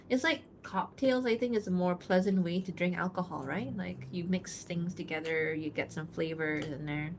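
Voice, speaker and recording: A woman livestreaming while she draws, casually reading out and answering chat, chatty and quick to giggle, thinking aloud with fillers. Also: lowish voice, slight background noise. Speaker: livestreaming artist.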